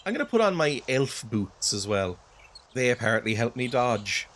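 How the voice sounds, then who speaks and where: Dry-humored man with lively pitch. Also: moderate pace, a little hiss or hum. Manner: dry, self-mocking humor. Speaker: gaming YouTuber. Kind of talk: let's play commentary with scripted narration.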